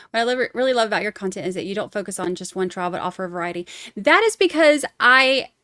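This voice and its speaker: Woman, live-stream host, casual chatty talk, reads comments, lively swooping pitch, dry close sound. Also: fast, no echo. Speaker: true crime livestream host.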